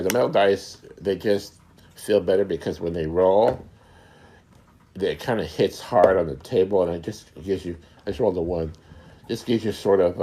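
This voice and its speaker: With a low, mellow voice, a middle-aged man hosts a relaxed conversation. He explains at an easy pace, frequently groping for the right word and going over the same points again.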